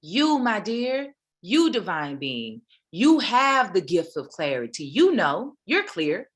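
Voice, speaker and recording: A woman's voice: medium pitch, big pitch swings, takes it slowly. A woman hosting a weekly motivation session, talking in a preachy, playful way full of casual slang. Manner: preachy, playful, uses Black American slang. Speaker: motivational host. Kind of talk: motivational talk. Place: home, online session.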